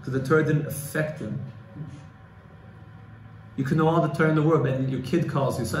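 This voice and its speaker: A man teaching a Torah class in a fairly high voice, moving between explanation and emotional pleading as he quotes old texts. He sounds like he is in an echoey room, with a faint hum of ambience behind him. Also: fairly even intonation, a little fast, pauses often.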